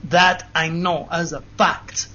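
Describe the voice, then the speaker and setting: A man giving an earnest, animated first-person account to an interviewer, with frequent restarts. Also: on the high side, slow, a little hiss or hum. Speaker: interview guest. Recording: dull lo-fi recording.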